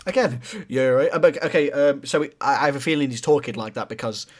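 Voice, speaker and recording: A man's voice: mid-range voice, fast talker. A man hosting a reaction video, talking bluntly and swearing often as he critiques what he watches. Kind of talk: casual reaction commentary.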